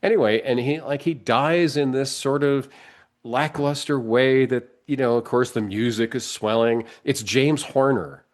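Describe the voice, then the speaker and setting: A man with a medium-pitched voice talks a little slowly, audibly suffering from a cold. He co-hosts a podcast in casual chat, rambling, restarting sentences, and laughing often.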